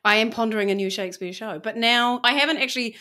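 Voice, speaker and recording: Podcast host: New Zealand woman in her forties, bright, playful and theatrical. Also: a little high, fast. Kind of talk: casual chat.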